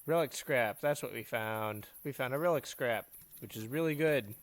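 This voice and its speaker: A man's voice: medium pitch, moderate pace. A man hosting a gaming video, chatting to himself and his viewers as he plays. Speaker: gaming channel host. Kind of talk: let's play commentary.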